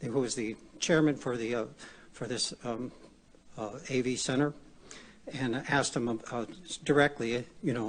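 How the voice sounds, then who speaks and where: A man out of breath, giving unscripted testimony at a hearing, halting with many pauses and restarts. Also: medium pitch. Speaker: public testimony witness.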